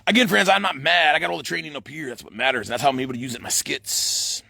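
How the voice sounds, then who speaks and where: Guy in middle age, quick and bouncy delivery, gravelly phone vlog rant outdoors. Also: on the high side, dry recording. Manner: says "friends" in nearly every line, rambling and excitable. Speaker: vlogger. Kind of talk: rambling monologue to camera.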